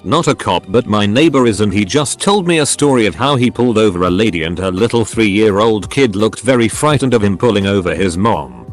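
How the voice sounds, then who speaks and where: A man's voice: on the low side, animated, brisk, hardly any pauses, soft background music. A man narrating a series of short anecdotes as scripted narration.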